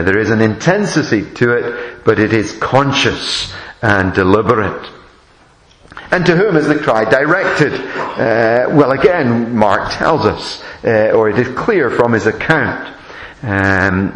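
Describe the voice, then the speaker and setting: A man preaching a sermon in a slow, measured and reflective way, often restarting phrases. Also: mid-range voice, fairly bright tone. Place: church. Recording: echoey room.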